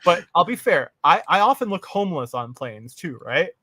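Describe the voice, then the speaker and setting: A man casually telling a funny travel story, animated, putting on higher voices for the people he quotes. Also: normal speed, slightly rough, no room sound. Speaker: podcast co-host.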